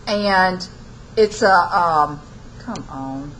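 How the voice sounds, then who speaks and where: A woman's voice: on the low side, very slow, a bit bright, slight background noise, low-quality recording. A woman lecturing a college class, retelling an old epic in folksy everyday speech and acting out the quotes. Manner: folksy storytelling, acts out quotes in casual speech. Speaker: college literature instructor.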